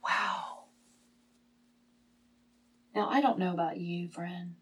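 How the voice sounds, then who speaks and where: A woman teaching a Bible lesson as a sermon, telling the story dramatically, at times hushed and at times emphatic. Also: mid-range voice, poor audio.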